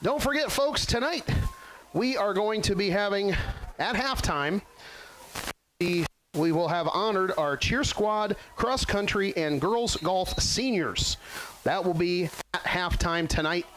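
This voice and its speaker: A high-pitched man in his forties calls a local football game live for a webcast. He talks with folksy, excitable hype, and a faint noise sits under his voice. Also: slow, rough recording. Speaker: play-by-play announcer. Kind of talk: local sports webcast commentary.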